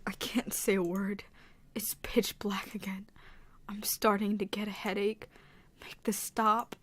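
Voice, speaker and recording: Whispered role-play, woman voicing a scared shy teen girl, hushed, anxious, bright tone. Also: medium pitch, level tone, measured pace. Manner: anxious, reading first-person game narration. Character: frightened shy teenage girl lost in dark halls.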